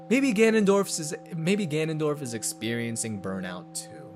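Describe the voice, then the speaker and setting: A man casually commenting over a video game playthrough, chatty and joking with quick asides. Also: medium pitch, sing-song, faint music behind. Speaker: gaming YouTuber. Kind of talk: let's play commentary.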